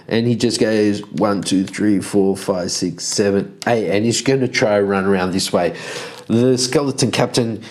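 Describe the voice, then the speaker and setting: A man's voice: medium pitch, unhurried. A man casually narrating a solo tabletop game, counting out moves and chuckling at the dice.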